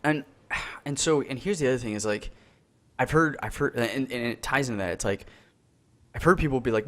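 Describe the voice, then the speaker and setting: A man's voice: medium pitch, animated, fast, fairly bright tone. A man co-hosting a casual podcast over an online call, talking earnestly with many restarts and fillers. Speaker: podcast co-host. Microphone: call microphone.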